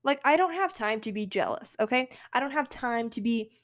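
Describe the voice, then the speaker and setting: A woman's voice: fairly high pitch, expressive, brisk. A young woman talking casually and emphatically on her solo podcast, encouraging herself and her listeners. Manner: chatty, emphatic, self-encouraging. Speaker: podcast host.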